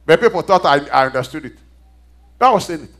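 A man preaching a sermon, emphatic and animated, asking the congregation questions for them to answer. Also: fairly high pitch, brisk. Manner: call-and-response questions to the congregation.

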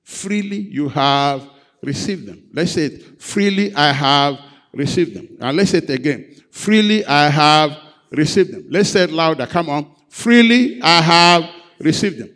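A man's voice: on the high side, measured pace, a bit bright. A male pastor preaching a sermon. He repeats phrases and prompts the congregation to call out answers. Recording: long hall reverb.

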